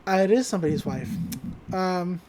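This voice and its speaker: A woman's voice: on the low side, animated, normal speed, darkish tone. Giggly woman recapping a cartoon episode. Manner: chatty, giggly, with frequent fillers. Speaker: podcast co-host.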